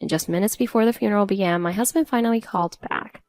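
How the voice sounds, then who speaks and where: A woman's voice: medium pitch, quick pace, a little mellow, no echo. A woman narrating a first-person story in an earnest, emotional way.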